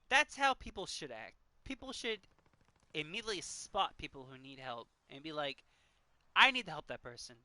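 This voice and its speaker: A man's voice: fairly high pitch, big pitch swings, moderate pace, pushed and bright, no room sound. A man in his thirties, a game streamer talking earnestly and emotionally, choked up and sighing often. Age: 30s. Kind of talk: casual chat while gaming.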